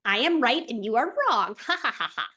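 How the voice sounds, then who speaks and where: A woman's voice: on the high side, very animated, slow pace, sharp tone, pitched above the performer's own voice, heavily acted. A woman voicing her own smug inner ego, childish and taunting in a sing-song way. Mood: gloating.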